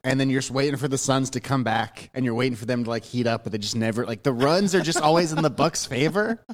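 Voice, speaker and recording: A man's voice: mid-range voice, quick pace. A man co-hosting a casual sports podcast, laid-back and a bit hesitant.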